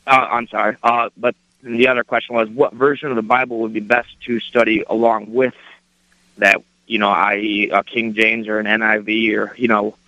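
A man's voice: lowish voice, level tone, normal speed, bright, forceful tone, dry recording. A man calling in to a radio show, asking a question in a hesitant way with lots of ums. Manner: hesitant, many fillers. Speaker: caller. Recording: dull phone-in line.

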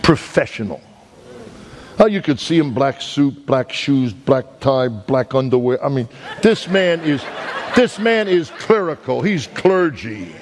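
A man's voice: medium pitch, lively intonation, measured pace. A man preaching as an evangelist, telling a story in a folksy, emphatic way with many restarts and repeated words. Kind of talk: storytelling sermon.

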